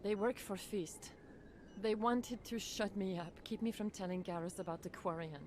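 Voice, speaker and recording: A woman's voice: mid-range voice, moderate pace, darkish tone, a little hiss or hum, natural voice. A woman voicing a frightened young doctor. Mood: shaken. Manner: nervous, earnest. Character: frightened female doctor, shaken witness.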